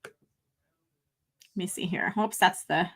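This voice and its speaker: A woman's voice: lowish voice, takes it slowly, gravelly, fairly bright tone, breathy edge. A woman live-streaming a fan film review, talking casually, laughing and swearing often.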